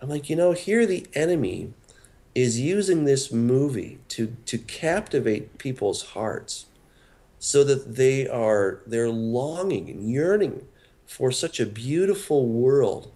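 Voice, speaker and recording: A man's voice: medium pitch, expressive, takes it slowly, dark tone. A man, a pastor and author, talking earnestly as a radio interview guest, often repeating words as he starts a thought.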